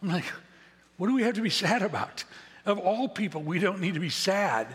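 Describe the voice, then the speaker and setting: A pastor delivers a sermon in a high, slightly husky voice, casual and self-mocking, leaning on repeated words to drive his point home. His voice carries with a long reverb through the church hall. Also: lively intonation, brisk. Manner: conversational, self-deprecating preaching with emphatic repetition. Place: church sanctuary.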